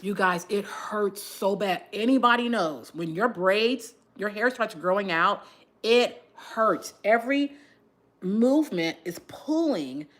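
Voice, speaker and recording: A woman chatting casually on her livestream, telling a story while doing her hair, with an animated, lively delivery. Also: slow pace. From Texas area. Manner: animated storyteller, shifts to high voice when quoting shouts. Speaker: livestream host.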